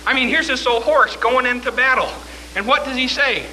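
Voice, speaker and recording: A man preaching a fervent sermon, swinging from shouts to hushed tones. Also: very high voice, moderate pace, low-quality recording.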